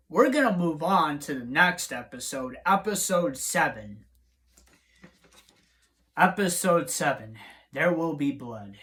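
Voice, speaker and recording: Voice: mid-range voice, fairly bright tone. A TV reviewer in a vlog, talking bluntly and repetitively and swearing freely.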